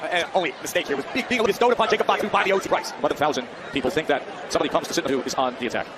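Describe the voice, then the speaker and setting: A man calling a wrestling match as play-by-play commentator, bursting into shouts at the big moves. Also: fairly high pitch, rapid-fire, very noisy. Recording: broadcast mix with loud crowd and music.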